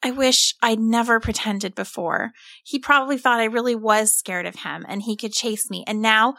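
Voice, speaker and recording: A woman voicing a frightened little farm boy in a hushed, trembling whisper. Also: fairly high pitch, moderate pace, gravelly, no room sound. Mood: miserable.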